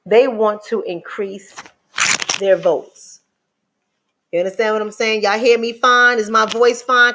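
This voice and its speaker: A fairly high-voiced woman in holds forth to her viewers on a livestream. Her tone is sarcastic and preachy, and she keeps pulling the audience in with repeated rhetorical questions. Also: fairly even intonation, a little slow, background noise. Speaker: commentator and relationship coach. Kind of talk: livestream commentary.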